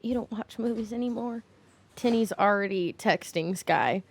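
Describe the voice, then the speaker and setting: A woman's voice: mid-range voice, moderate pace. A woman playing a tabletop roleplaying game, switching between her character and narration in a drawling, dramatic way. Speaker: player.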